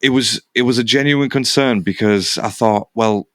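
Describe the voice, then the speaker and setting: A man's voice: mid-range voice, normal speed, fairly bright tone, no echo. A man co-hosting a sports podcast, talking in a rambling, casual way with many fillers and restarts. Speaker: podcast co-host.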